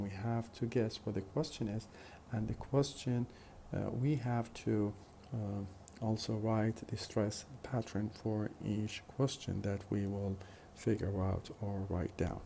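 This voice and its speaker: A man's voice: lowish voice, measured pace, creaky, hardly any pauses, warm tone, slight background noise. A man teaching a phonetics lesson in a methodical way, with many fillers and repeated examples. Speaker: phonetics lecturer. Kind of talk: recorded lecture.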